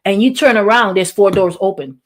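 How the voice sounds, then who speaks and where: A woman pastor preaching in a lively, repetitive style, acting out quotes along the way. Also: medium pitch, a little fast, a little hiss or hum. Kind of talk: sermon.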